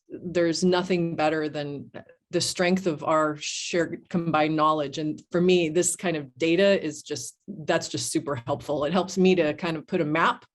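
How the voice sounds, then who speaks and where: A woman with a fairly low voice talks on a group call. She thinks aloud and often restarts her sentences as she goes. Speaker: call participant. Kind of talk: casual remarks on a group call.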